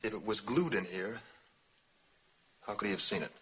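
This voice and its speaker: A man's voice: fairly low pitch, moderate pace, bright, forceful tone. An actor playing a suave, confident male master thief who talks in a wry, teasing way. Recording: muffled 1960s TV soundtrack with clear hiss.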